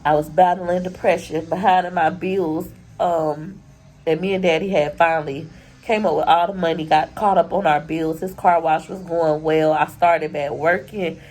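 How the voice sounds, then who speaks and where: A woman's voice: low-pitched, fairly even intonation, normal speed, a little mellow, low-quality recording. A young woman, crying as she talks through a personal vlog, rambling and candid. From Florida. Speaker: YouTuber.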